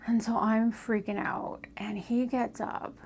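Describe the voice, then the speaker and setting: A woman telling a personal story in a casual storytelling style, often dropping to a hushed whisper for suspense. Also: a little high, fairly even intonation, a little slow, vocal fry, a little hiss or hum. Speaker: storytime vlogger.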